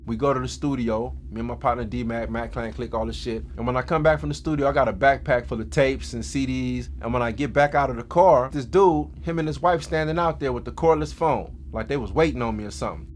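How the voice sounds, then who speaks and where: A man recounting his past in casual street slang, mid-pitched and dramatic in his telling. There is a faint hum of ambience behind him. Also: fairly quick, few pauses. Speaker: guest storyteller. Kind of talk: first-person life story.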